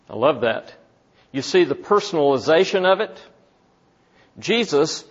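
A man teaching from the Bible in a sermon, slow and deliberate, asking his listeners questions. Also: a little high, highs cut off. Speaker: preacher.

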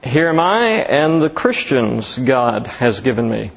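A man preaching a sermon as pastor, slow and emphatic, lifting his voice on key words. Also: mid-range voice, lively intonation, vocal fry, dull audio.

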